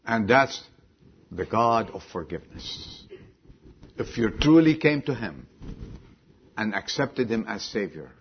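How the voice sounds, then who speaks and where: Husky preacher with big swings. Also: male voice, sing-song, slow pace, pauses often, muffled recording. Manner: swings from low quiet lines to sudden loud high exclamations; asks the congregation questions directly. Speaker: pastor. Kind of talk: sermon.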